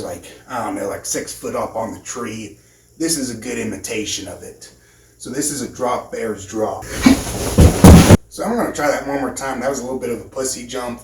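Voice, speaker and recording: Male vlog host, easygoing rambling delivery with jokes and cussing, shot outdoors after dark. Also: mid-range voice. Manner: rambling, joking, swears freely. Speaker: YouTube host. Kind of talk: casual vlog chat. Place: outdoors at night.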